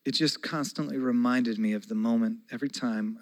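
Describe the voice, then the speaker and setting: A man in his forties preaching a conversational sermon as a pastor, moving between soft, slow passages and loud, excited ones. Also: medium pitch, low-quality recording.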